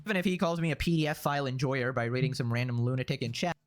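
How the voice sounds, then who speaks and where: A man commenting on online drama in a sarcastic, scornful way, going off on quick tangents. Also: medium pitch, heavy background noise. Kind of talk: commentary on a played clip.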